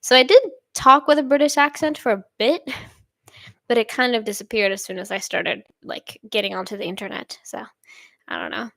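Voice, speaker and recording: A bright-voiced young woman from Sweden in her twenties, pitched a little high, chatting casually as she reads viewer comments aloud. She rambles in an upbeat way and laughs often. The sound is dry and close. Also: lively intonation, normal speed, gravelly, no room sound. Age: 20s. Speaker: channel host.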